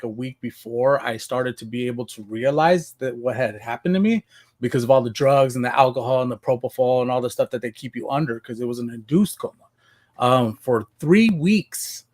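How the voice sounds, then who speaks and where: A man from Washington State telling his life story as a podcast guest, casual and animated, acting out what he said back then. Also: mid-range voice. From Washington State, USA. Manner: animated, acts out his own past voice.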